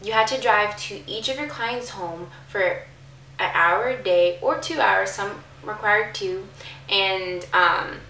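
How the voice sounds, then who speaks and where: A woman's voice: medium pitch, pushed and bright, recorded from a distance, slight background noise. Emotional young woman in an echoey room. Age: 20s. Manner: emotional, confessional, many fillers. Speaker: vlogger. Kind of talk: candid personal vlog.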